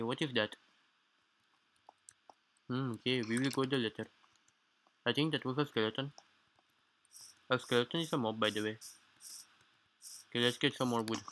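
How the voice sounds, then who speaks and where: Over a cheap home microphone, a man with a non-native English accent, a gaming YouTuber, provides let's-play commentary, explaining things in formal, slightly stiff wording. His medium-pitched voice sounds bright and forceful. The audio is poor, with a little hiss or hum.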